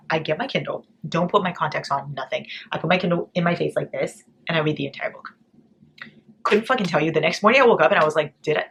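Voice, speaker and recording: Chatty young woman with gravelly fry. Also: low voice, slight background noise. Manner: chatty, blunt, swears freely, animated asides. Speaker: book vlogger. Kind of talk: casual reading wrap-up chat.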